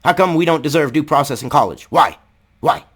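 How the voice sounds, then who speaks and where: A man's voice: a little high, animated, a little fast. Heated, profane man ranting. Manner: profane, heated, shouting at times; rhetorical questions. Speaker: political commentary vlogger. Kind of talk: angry ranting commentary.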